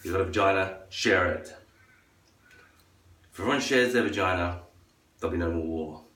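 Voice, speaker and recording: Vlogger, male, low voice, crude rambling rant, sits back from the mic in a roomy space. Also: normal speed, fairly bright tone. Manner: crude, profane ranting; acts out others in a high falsetto. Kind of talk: rambling monologue. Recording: echoey room, far from the mic.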